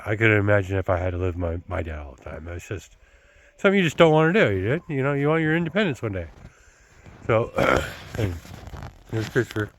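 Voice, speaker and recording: A man's voice: fairly low pitch, dry recording, rough recording. A man talking casually to his son about dating, blunt and preachy, looping back with filler words like "you know" and "dude". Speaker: father giving his son dating advice. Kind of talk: casual rambling vlog talk.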